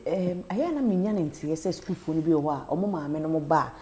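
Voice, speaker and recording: Ghanaian woman host, mellow low voice, quick little questions to the guest. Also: reverberant. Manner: short prompting questions. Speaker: talk show host. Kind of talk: interview questions.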